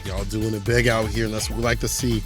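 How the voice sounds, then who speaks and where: A man's voice: on the low side, little pitch movement, quick pace, soft background music. An American man commentating a fighting game tournament in casual, hyped banter full of slang. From United States. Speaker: esports commentator.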